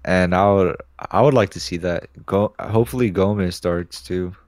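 A man's voice: sits low, moderate pace, darkish tone, dry recording. A young man in casual soccer chat, slangy and full of "bro" and "dude".

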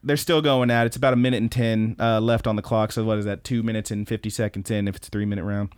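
Profane, animated young man recapping an anime fight. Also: lowish voice, fast, clear, resonant tone. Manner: animated, profane play-by-play storytelling. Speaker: podcast co-host. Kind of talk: casual chat recapping an anime episode.

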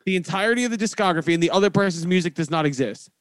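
A man's voice: high voice, animated, rapid-fire, no room sound. An American man hosting a casual podcast, laughing and joking crudely as he asks questions. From United States. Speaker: podcast host. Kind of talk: casual chat.

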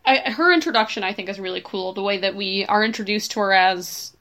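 Relaxed woman thinking aloud. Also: mid-range voice, a little fast. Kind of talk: casual podcast chat.

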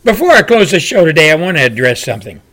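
A man hosting his own show, delivering a loud, forceful political rant. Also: fairly high pitch, very animated, fast talker. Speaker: show host. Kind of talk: political commentary monologue.

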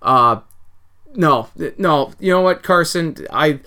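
Rambling, excitable sports podcast host. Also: male voice, a little high, takes it slowly, clear, resonant tone. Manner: rambling, animated, mock outrage. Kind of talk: casual sports chat.

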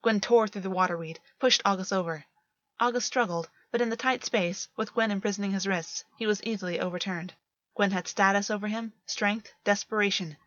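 A woman reading a story aloud in steady, measured narration. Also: mid-range voice, highs cut off. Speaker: reader. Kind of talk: scripted narration.

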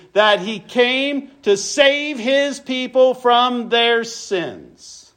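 A man preaching a sermon, reading scripture aloud and explaining it verse by verse, lifting his voice for emphasis. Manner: expository preaching, reads scripture aloud, rises in pitch for emphasis.

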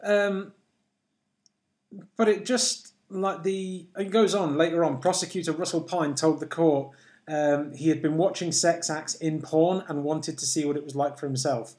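A man's voice: on the high side, steady tone, darkish tone. A man hosting a casual podcast, rambling and laughing often between points. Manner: giggly, rambling, quick asides. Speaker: podcast host.

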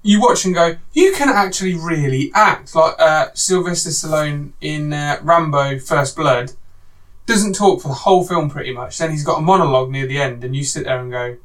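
Animated man, distant mic. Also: on the high side, moderate pace. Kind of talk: casual film chat.

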